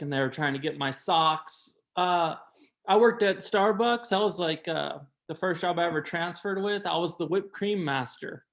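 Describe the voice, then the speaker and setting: A man doing absurd, deadpan stand-up from home over a video call, rambling with lots of fillers and restarts. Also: a little high. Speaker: stand-up comedian.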